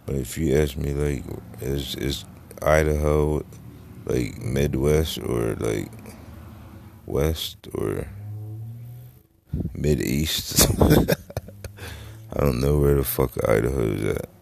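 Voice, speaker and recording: A man's voice: extremely low pitch, takes it slowly, vocal fry, pauses often, darkish tone, a little hiss or hum. A middle-aged man hosting a casual solo podcast, rambling and swearing freely, trailing off into fillers. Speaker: podcast host. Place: Florida.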